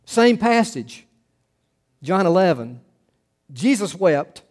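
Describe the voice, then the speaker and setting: A middle-aged male pastor preaching a sermon, earnest, rising to emphatic quotes and dropping to hushed asides. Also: high-pitched, big pitch swings, takes it slowly.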